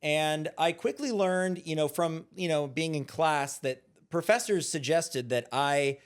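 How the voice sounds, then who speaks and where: A man's voice: on the high side, unhurried, smooth. Eager rambling man from Los Angeles. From Los Angeles, USA. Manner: eager, rambling, restarts his sentences. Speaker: podcast guest, actor. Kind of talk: casual chat.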